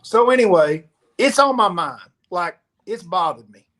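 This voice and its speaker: Animated storytelling man, slightly high voice. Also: unhurried. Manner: animated storyteller, acts out quoted dialogue. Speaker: pro angler guest. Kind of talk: casual storytelling chat.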